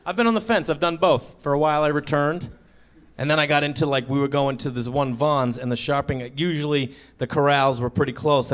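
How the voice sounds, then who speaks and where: A man doing a stand-up comedy set on stage, acting out the people in his stories with sudden high, squeaky voices. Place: theater stage before a live audience.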